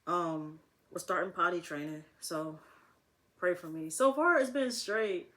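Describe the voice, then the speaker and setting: A woman's voice: fairly low pitch, unhurried, fairly bright tone. A young woman talking casually to camera as a vlogger, rambling and laughing often.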